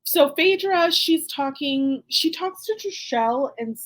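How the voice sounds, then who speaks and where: A high-voiced woman hosts a podcast in a loose, chatty way. She talks with lively energy and breaks into laughter often. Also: a little slow. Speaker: podcast host. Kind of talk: casual recap chat.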